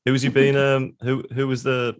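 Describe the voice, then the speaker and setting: A man's voice: mid-range voice, completely flat delivery, normal speed. A man co-hosting a podcast in casual chat, easygoing, often adding tag questions and filler words. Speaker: podcast co-host.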